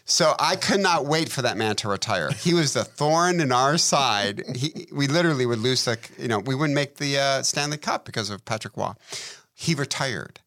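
A man co-hosting a podcast, telling lively stories in casual conversation and acting out the voices of people he quotes. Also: mid-range voice, moderate pace, no echo, clean studio sound. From Detroit, USA. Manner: animated storyteller, acts out quoted voices. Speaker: podcast co-host.

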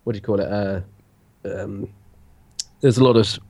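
A man's voice: on the low side, fairly even intonation, normal speed, a little mellow, no echo. Nasal man with a cold. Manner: chatty, rambling storyteller. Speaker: podcast co-host. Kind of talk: casual chat.

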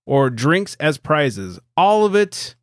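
A man's voice: a little high, very animated, takes it slowly, no echo. Brief: male podcast host, thirties, easygoing and profane, dry close sound. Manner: laid-back, swears casually, laughs often. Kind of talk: casual chat.

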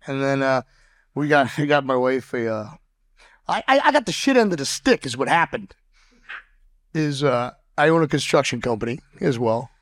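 A man guest on a podcast telling rough, profane stories in a blunt way, often stammering and restarting his sentences. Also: medium pitch, expressive, normal speed, no room sound. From Boston. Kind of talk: casual interview storytelling.

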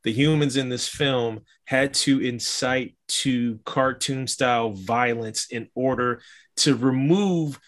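A man co-hosting a podcast, talking about a film in a loose, animated way with lots of fillers. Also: mid-range voice, slow. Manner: animated, rambling, many fillers. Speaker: podcast co-host. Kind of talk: casual movie discussion.

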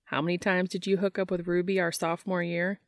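A woman's voice: lowish voice, little pitch movement, a little fast, dry recording, clean studio sound, close to an everyday voice. A woman reading an audiobook, voicing a cheerful, teasing young man in an easygoing way.

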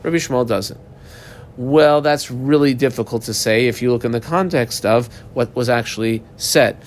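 A man's voice: medium pitch, normal speed, slight background noise. A man teaching a Talmud class, reading Aramaic lines aloud and then explaining them in plain English.

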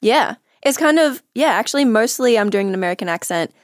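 A woman's voice: a little high, expressive, brisk, no echo, studio quality. A young Australian woman, a podcast guest, chatting casually and laughing at herself often. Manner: giggly, self-mocking, laughs often. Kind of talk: casual chat.

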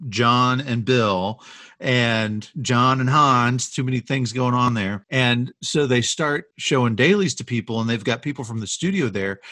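Husky man telling movie trivia. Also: mid-range voice, no room sound. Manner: enthusiastic storyteller, animated retellings. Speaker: podcast co-host. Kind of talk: casual chat telling film history.

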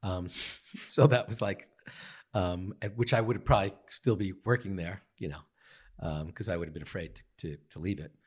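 Husky man telling a story earnestly. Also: low voice. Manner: earnest, halting, many fillers and restarts. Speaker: guest, meditation teacher. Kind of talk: reflective storytelling. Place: podcast studio.

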